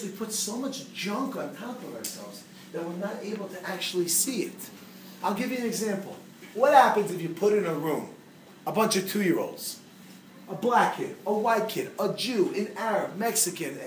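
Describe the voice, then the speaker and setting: A man giving a humorous teaching talk to a live audience, quizzing them with quick questions. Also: high-pitched, big pitch swings. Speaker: speaker teaching a class. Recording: echoey room, distant mic, noisy.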